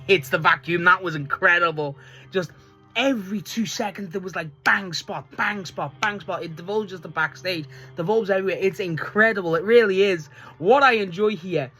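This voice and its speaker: Excitable, swearing young man reviewing wrestling. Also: sits high, husky. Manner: excitable, swears often, laughs mid-sentence; rambling, full of restarts and filler. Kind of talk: casual spoken show review.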